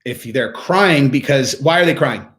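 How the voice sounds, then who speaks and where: A man's voice: medium pitch, lively intonation, measured pace, fairly bright tone. A man hosting a casual livestream, talking in a rambling way full of fillers, restarts and "like". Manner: rambling, filler-heavy talk with frequent "like" and restarts. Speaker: livestream host.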